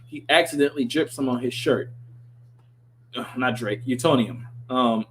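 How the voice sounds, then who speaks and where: A man hosting a podcast, reading a script aloud and breaking off into excitable, riffing commentary. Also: medium pitch, moderate pace, slight background noise. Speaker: podcast host. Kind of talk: casual chat while reading a script aloud.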